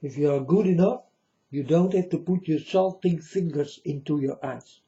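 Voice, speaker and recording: A man's voice: fairly high pitch, normal speed, dark tone. A man hosting his own channel, delivering a blunt, scornful, preachy ranting monologue. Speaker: channel host. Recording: dull lo-fi recording.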